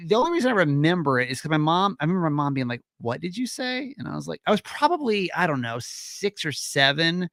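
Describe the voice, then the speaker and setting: A Southern American man hosts a casual chat show, telling childhood stories with plenty of pitch swings. He slips into playful voices when quoting people. The sound is dry and close. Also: fast talker, few pauses, dry recording. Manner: animated storyteller, acts out quotes in funny voices. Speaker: podcast host.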